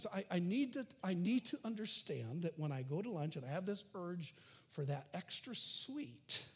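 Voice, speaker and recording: A man preaching a sermon, animated, swinging from loud calls to hushed near-whispers. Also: sits high, normal speed, husky. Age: adult. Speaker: pastor.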